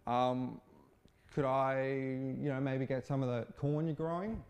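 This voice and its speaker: A naive, eager young man, played by a man in a spoken commentary sketch. He asks hesitantly, pleading and compliant, at a middling pitch. It stays near the speaker's everyday voice. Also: steady tone, takes it slowly, a little mellow.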